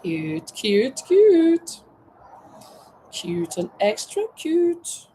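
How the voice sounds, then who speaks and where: A Norwegian woman with a very high, sing-song voice speaks extremely slowly while crocheting on an outdoor terrace during a livestream. She chats, reads viewer comments aloud and thinks out loud as she goes; the rough recording has slight background noise.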